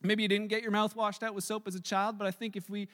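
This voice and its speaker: A middle-aged man preaching a sermon, telling family stories in an animated way and acting out the dialogue. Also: sits high, fast. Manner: storytelling, animated, acts out dialogue. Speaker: pastor. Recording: long reverb of a large hall.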